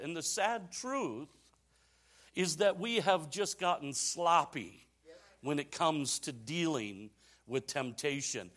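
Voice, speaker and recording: A male pastor delivering a sermon in a church, talking to the congregation like a friend. His fairly high voice falls into easy repetitions, then rises to emphatic peaks. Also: fairly bright tone.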